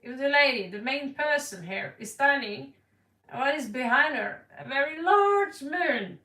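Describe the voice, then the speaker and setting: A woman's voice: high-pitched, animated, measured pace, bright, forceful tone. A woman giving a casual tarot reading to camera, blunt and playful, laughing and repeating words for effect. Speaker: tarot card reader. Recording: echoey room, voice distant from the mic.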